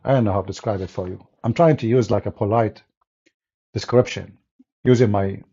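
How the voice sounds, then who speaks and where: Male debater, non-native English, jeering and emphatic; mellow, raspy tone on a muffled lo-fi track. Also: on the low side, fairly quick. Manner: scornful, emphatic, laughs and jeers often. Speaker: religious debater. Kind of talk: mocking polemic commentary.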